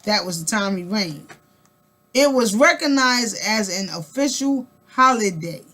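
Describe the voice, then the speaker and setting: A woman's voice: medium pitch, animated, measured pace, sharp tone. A woman vlogger in a casual spoken monologue, emphatic and colloquial, repeating words and firing rhetorical questions at the listener. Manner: colloquial, rambling with restarts.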